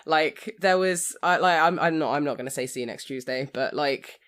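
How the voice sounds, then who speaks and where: A woman chats on a podcast with a notably low voice. She tells stories in an animated way, laughing often. Casual and conversational. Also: normal speed. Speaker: occasional co-host.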